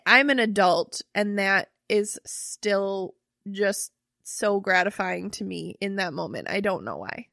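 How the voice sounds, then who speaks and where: A woman's voice: medium pitch, lively intonation, slow pace, gravelly, a bit bright, dry recording. Chatty young woman, very dry sound. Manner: chatty, swears casually, trails off and restarts. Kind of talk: casual chat.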